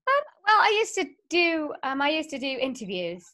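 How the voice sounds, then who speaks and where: A woman's voice: high-pitched, very animated, normal speed, sharp tone. A young woman from Wales, a voiceover artist and singer, chatting upbeat and laughing often as an interview guest. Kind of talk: casual interview chat.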